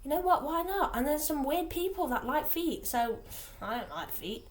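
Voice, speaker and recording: Teen girl vlogger from England, highish voice, scattered casual rambling. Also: big pitch swings, moderate pace. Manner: chatty, scattered, lots of fillers and restarts. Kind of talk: rambling casual vlog chat.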